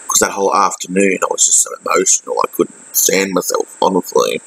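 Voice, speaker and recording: An Australian man speaks in a personal video diary, his delivery halting and full of fillers and restarts. His voice is very deep, with a husky edge. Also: animated, a bit bright, poor audio. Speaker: vlogger.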